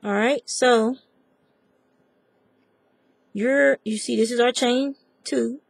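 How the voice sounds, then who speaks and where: Talking straight to viewers as y'all, a woman with a Southern US accent gives a chatty, meandering crochet tutorial. Her fairly high voice has vocal fry and a breathy edge, with fairly even intonation and a slow pace, and no room sound is audible.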